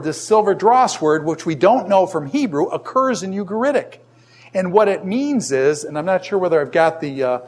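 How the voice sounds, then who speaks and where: Older man lecturing to a class. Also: on the high side. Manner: conversational, asks the class many questions. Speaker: teacher.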